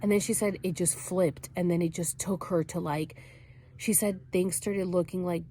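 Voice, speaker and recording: Low-voiced woman rambling through a story. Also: steady tone, moderate pace, mellow, slight background noise. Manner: rambling, heavy use of "like", acts out quotes. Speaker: vlogger. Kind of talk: casual storytelling.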